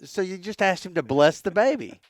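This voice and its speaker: A man co-hosting a podcast, teasing the host and quick to laugh. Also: high-pitched, lively intonation, no echo, clean studio sound. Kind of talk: casual podcast banter.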